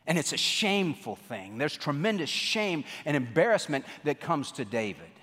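A male pastor preaching a sermon, swinging between emphatic raised lines and hushed low drops. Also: big pitch swings, moderate pace. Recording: long hall reverb.

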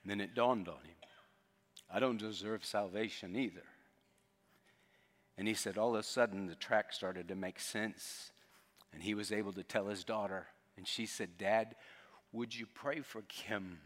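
Male pastor, lowish voice, earnest storytelling sermon, long church reverb. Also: steady tone, moderate pace, long pauses. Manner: earnest, drops to a hushed tone for quotes. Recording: long reverb of a large hall.

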